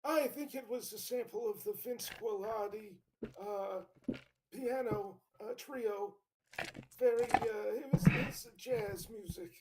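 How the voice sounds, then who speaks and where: A man putting on an elderly male senator impression, halting and stammering. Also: sits high, expressive, gravelly, darkish tone, heavily acted, poor audio. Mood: doddering. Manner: halting, stammering, loses the bit. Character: old male senator impression, rambling, wobbly. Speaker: guest musician.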